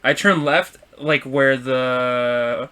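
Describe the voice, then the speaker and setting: A man co-hosting a podcast, telling a story in casual, profane chat and acting out the insults he shouted. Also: mid-range voice, steady tone, drawn-out words, clean tone. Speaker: podcast co-host.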